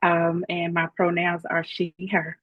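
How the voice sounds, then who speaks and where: Woman, flat, husky, phone-line audio. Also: lowish voice, a little slow, dry recording. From Kentucky.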